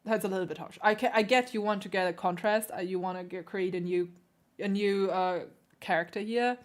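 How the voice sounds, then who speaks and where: A woman who hosts a piano channel, critiquing viewers' playing with emphatic, animated coaching. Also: mid-range voice, fairly quick. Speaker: piano teacher and channel host.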